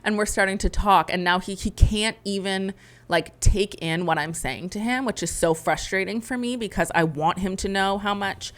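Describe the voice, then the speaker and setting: A woman's voice: mid-range voice, moderate pace. A woman in her thirties co-hosting a podcast, telling a candid and emotional story in a rambling, heartfelt way. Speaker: podcast co-host. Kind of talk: candid conversation.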